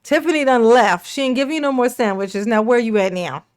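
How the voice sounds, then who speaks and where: A woman's voice: fairly high pitch, animated, a little fast, a little hiss or hum. Sarcastic woman laughing through commentary. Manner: sarcastic and mocking, laughs often, swears freely. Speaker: commentary host. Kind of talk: casual reaction commentary.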